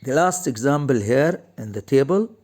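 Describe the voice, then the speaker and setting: A man teaching English grammar, explaining each point slowly and repeating key phrases. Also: mid-range voice, lively intonation, darkish tone. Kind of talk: recorded grammar lesson.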